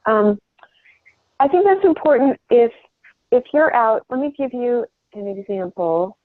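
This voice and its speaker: A woman's voice: on the high side, lively intonation, unhurried, no room sound. A middle-aged woman giving a sales coaching talk from home, earnest and rambling, often restarting her sentences. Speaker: sales trainer. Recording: tinny phone line.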